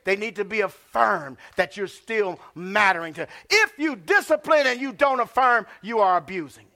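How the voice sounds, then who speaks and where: A man preaching a sermon as pastor. He swings from hushed asides to shouted lines and calls out to the congregation. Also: sits high, expressive, moderate pace.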